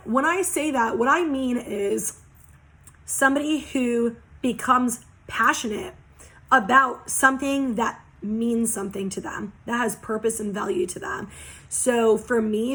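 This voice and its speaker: A woman's voice: fairly high pitch, fairly bright tone. A young woman giving a casual oracle card reading, talking passionately and bluntly with lots of swearing. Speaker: tarot reader.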